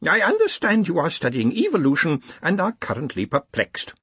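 A man's voice: on the high side, huge pitch swings, moderate pace, a bit bright, slightly rough, dry recording, pitched above the performer's own voice, heavily acted. A man voicing a genial, bewildered male god in an audiobook. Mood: amiable.

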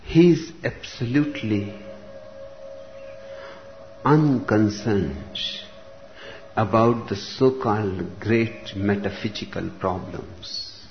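Very slow, deliberate male spiritual teacher. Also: lowish voice. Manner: very slow, deliberate, with long pauses between phrases. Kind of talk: slow reflective discourse. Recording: dull lo-fi recording with faint room noise.

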